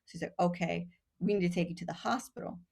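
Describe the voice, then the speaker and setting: A woman's voice: lowish voice, quick pace, vocal fry. A woman from Texas, a podcast guest, telling a long story in casual chat, acting out the voices of the people in it and laughing often. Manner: animated, acts out quoted voices, laughs often.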